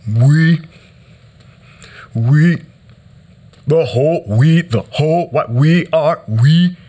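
A man giving a live poetry reading in a chanting, rhythmic delivery, stuttering over repeated words, dropping to hushes and breaking into sudden shouts. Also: on the high side. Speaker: poet. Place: hall.

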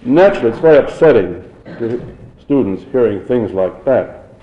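A man's voice: medium pitch, lively intonation, moderate pace, echoey room, highs cut off, lightly acted. A man voicing a pushy male investigator who accuses a professor, needling and insistent. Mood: accusing.

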